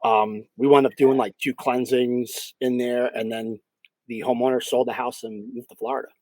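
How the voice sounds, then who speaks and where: A man at an ordinary middle pitch tells a paranormal case in a loose, conversational interview. He fills pauses with "um" and acts out what people said. The recording is close and dry. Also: dry recording, rough recording. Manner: animated storyteller, many fillers and acted-out quotes. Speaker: paranormal investigator, interview guest. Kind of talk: casual storytelling in an interview.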